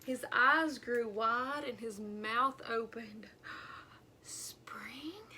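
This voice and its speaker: A woman librarian reading a picture book aloud to children at storytime, with slow, expressive narration. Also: fairly high pitch, slight background noise.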